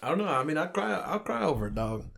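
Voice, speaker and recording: A man's voice: on the high side, very animated, fast, vocal fry, a bit bright. Profane storytelling man, casual podcast. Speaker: podcast co-host. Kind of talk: casual chat.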